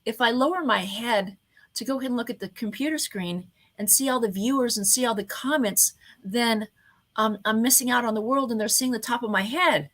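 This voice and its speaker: A woman hosts an online event and gives a motivational lesson on communication. Her voice is bright and carries well, and she keeps changing her delivery, deliberately slowing her speech to land each point. She speaks straight into a webcam at her computer. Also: a little high. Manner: expressive, varies her voice often, slows down on purpose. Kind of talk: motivational talk on speaking skills.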